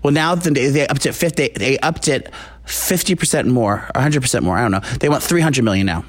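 A man's voice: mid-range voice, fairly quick. Chatty man rambling through celebrity gossip. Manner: rambling, chatty, frequent restarts. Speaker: co-host. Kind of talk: casual celebrity gossip chat.

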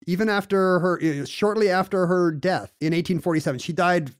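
A man's voice: high voice, a little fast, clean tone, no echo, clean studio sound. A man co-hosting a podcast, explaining at length in casual chat, with frequent fillers and restarts. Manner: rambling, explains at length with many "you know" fillers and restarts.

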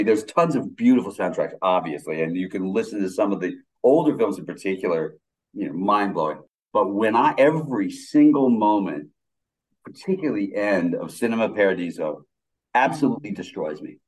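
A man's voice: lowish voice, rough recording. An older man, a film director, chatting casually in an interview and telling stories with enthusiasm. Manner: animated, enthusiastic storyteller.

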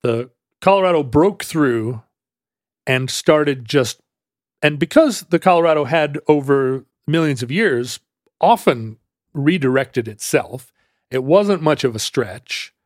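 A man's voice: fairly high pitch, lively intonation, slow pace, no room sound. Rambling male podcast storyteller, dry sound. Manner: rambling storyteller, frequent restarts and fillers, laughs easily. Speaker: podcast co-host explaining history. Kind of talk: casual conversational explanation.

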